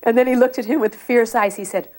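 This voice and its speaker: A woman devotee recounting memories in relaxed, meandering anecdotes. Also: a little high, quick pace.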